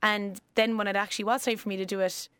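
A woman's voice: medium pitch, level tone, quick pace, a bit bright, smooth, no echo. An Irish woman in her late twenties, a life coach chatting as a podcast guest, rambling and laughing often. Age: 20s. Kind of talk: casual podcast chat.

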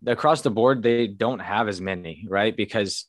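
Man, 30s, podcast co-host, very deep voice, laid-back, chatty. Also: normal speed, dry recording, studio quality. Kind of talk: casual chat.

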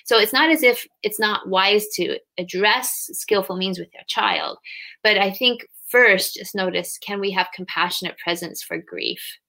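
A little slow and medium in pitch, the voice belongs to a woman in her thirties, a guest who trains grief companions. She is earnest and reflective in the conversational interview and animated whenever she plays out parents and children.

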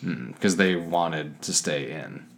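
Very deep-voiced, matter-of-fact man. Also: takes it slowly, a bit bright. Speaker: podcast co-host. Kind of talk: casual chat.

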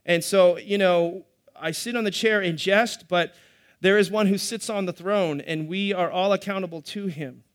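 A man's voice: sits high, normal speed. A middle-aged man, preaching a sermon to a live congregation in a conversational way with joking asides. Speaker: pastor.

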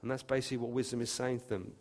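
A man preaching a sermon, emphatic, with his voice lifting and growing louder when he quotes scripture. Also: mid-range voice, level tone, very fast. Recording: long reverb of a hall.

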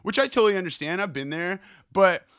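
A young man hosting a podcast, ranting fast and swearing a lot in a solo monologue. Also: high voice, clean tone, dry recording, clean studio sound. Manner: profane, fast, animated rant. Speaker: podcast host.

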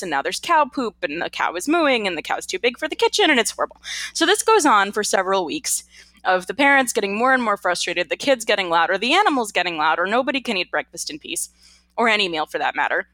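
A woman co-hosting a casual podcast, telling a folk tale in a playful, animated way. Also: medium pitch, fast, dry recording. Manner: animated, playful storytelling with put-on quotes. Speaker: podcast co-host. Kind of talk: casual chat and storytelling.

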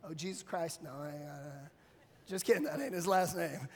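A nervous Peter, acted by a man preaching stumbles over his words and brushes off questions in slang. His voice sits fairly high, and long reverb trails behind it. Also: moderate pace, a little mellow. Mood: flustered. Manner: stammering, casual slang. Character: Peter, a flustered man denying, stammering.

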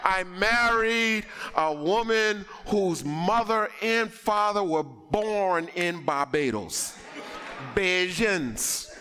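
A man who grew up in the West Indies, preaching a sermon with animated, comic storytelling that builds to shouts. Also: sits high, in a large hall, noisy background. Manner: animated, acts out dialogue in comic voices. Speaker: pastor.

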